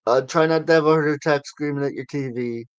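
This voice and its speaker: A man's voice: fairly high pitch, fast, smooth, dry recording, lo-fi sound. A man hosting a casual sports talk show, chatty and given to sarcastic asides. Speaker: sports podcast host.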